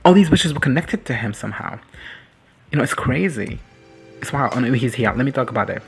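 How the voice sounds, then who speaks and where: A man's voice: mid-range voice, lively intonation, a little fast, vocal fry, faint music behind. A man giving a casual, foul-mouthed recap of a TV episode, laughing often and acting out the characters. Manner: crude, swears freely, laughs often, acts out characters. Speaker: reaction vlogger.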